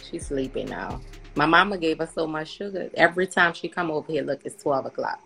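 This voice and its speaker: Low, gravelly woman with a New Orleans accent. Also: brisk, faint music behind. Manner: teasing, laughing, lively Southern slang. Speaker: mother on a live video chat. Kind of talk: casual chat on a livestream. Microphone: phone.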